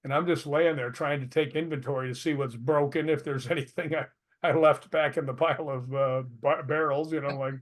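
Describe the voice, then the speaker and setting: An older man with a voice that sits a little high for a man talks as a guest in a relaxed interview. He is an animated storyteller who laughs easily and acts out what everyone said. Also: brisk. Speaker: interview guest, retired stuntman.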